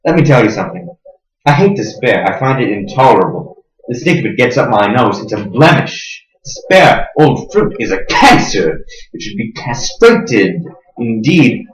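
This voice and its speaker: A man's voice: mid-range voice, natural voice. A man playing a sneering sadistic interrogator. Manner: menacing, sneering, lurching between hushed and loud. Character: smug, sadistic middle-aged male interrogator. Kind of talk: stage drama acting. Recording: roomy, dull lo-fi recording.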